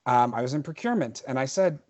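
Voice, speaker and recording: A man's voice: medium pitch, lively intonation, quick pace, a little mellow. A man in his forties from New Jersey, a podcast guest telling emphatic stories in casual chat, often restarting his sentences.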